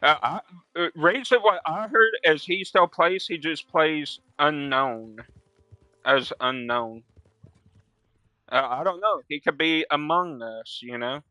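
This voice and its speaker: A young man streaming a game, telling stories in casual, profane slang, breaking into loud quoted voices. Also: a little high, measured pace, dry recording. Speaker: gaming streamer. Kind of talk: casual storytelling while playing.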